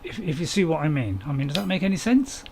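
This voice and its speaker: A man's voice: a little high, sing-song, fast talker, creaky, darkish tone, slight background noise. A man, casually commenting on a farming game while streaming and chatting to viewers in a rambling, self-mocking way.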